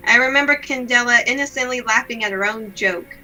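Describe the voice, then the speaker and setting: A woman reading aloud the lines of a gloomy, self-blaming young woman from a visual novel, in a slow, subdued, melancholy way. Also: fairly high pitch, pushed and bright, faint music behind, low-quality recording.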